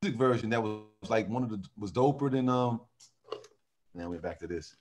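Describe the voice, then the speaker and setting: A man who sings in a vocal group, telling animated stories in a casual interview and often laughing. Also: fairly low pitch, moderate pace, soft background music. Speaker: singer in a vocal group, guest.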